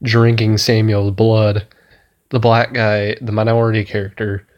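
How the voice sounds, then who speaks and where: A man's voice: lowish voice, flat delivery, unhurried, highs cut off. A man giving a casual spoken movie review, rambling and swearing enthusiastically as he retells scenes. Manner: rambling, profane, enthusiastic, laughs at his own retelling.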